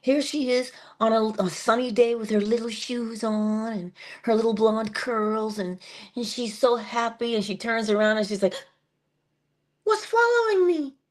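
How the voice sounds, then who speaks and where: A woman giving a morning motivational talk, dropping at times into a soft whisper and drawing out key phrases slowly. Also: fairly high pitch, little pitch movement. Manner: shifts between full voice and soft unvoiced whisper; drawn-out, emphatic delivery with slowed phrases. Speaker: inspirational speaker.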